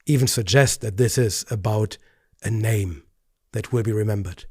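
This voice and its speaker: A man's voice: on the low side, normal speed, warm tone, breathy edge, no echo. A man speaks as a pastor hosting his own commentary video. He talks earnestly, often stammering and restarting, and his voice climbs when he grows indignant. The recording is dry and close, with no room sound. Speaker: pastor and host. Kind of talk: video commentary responding to clips.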